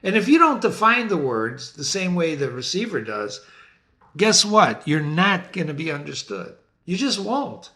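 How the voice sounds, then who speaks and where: Man, middle-aged, literature host, high voice, lively swooping delivery, theatrical. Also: unhurried. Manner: animated, theatrical, addresses viewers as ladies and gentlemen. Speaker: literature teacher and website host. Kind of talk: enthusiastic talk to camera.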